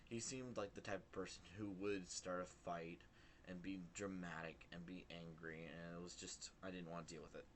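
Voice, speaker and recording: Young man, very low voice, casual rambling vlog storytelling, filler-heavy, faint hiss behind. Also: normal speed. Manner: rambling, animated retelling with many fillers. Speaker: vlogger.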